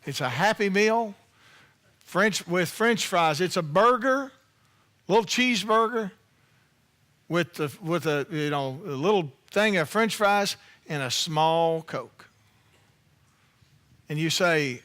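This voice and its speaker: A male pastor preaching a sermon in an animated, conversational way, with playful asides to the congregation. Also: on the high side, measured pace.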